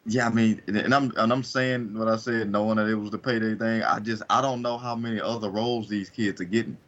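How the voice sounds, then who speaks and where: A man's voice: on the low side, steady tone, fairly quick, a bit bright. A man co-hosting a podcast in casual chat, speaking hesitantly with many restarts. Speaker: podcast co-host. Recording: dull lo-fi sound.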